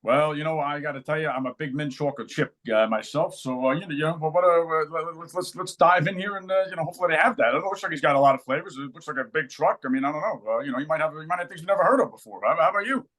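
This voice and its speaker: A man's voice: fairly high pitch, rapid-fire, hardly any pauses. A man performing a comic monologue and an improv scene, with a natural way of talking that listeners take for an accent. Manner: animated storytelling, plays other voices. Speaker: acting talent.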